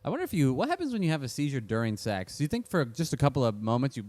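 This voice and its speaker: A young man co-hosting a podcast in relaxed, casual chat, often agreeing and laughing along. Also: mid-range voice, no room sound. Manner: laid-back, quick agreeing, laughs along. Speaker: podcast co-host.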